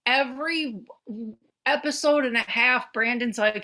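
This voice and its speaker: Bright-voiced woman, animated chatter. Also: moderate pace. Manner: animated, swearing, jumps between pitch levels. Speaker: podcast co-host. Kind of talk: casual chat.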